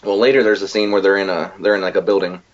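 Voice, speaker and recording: A man co-hosting a casual podcast chat, retelling a film in a rambling, profane, animated way. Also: low-pitched, quick pace, highs cut off. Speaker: podcast co-host.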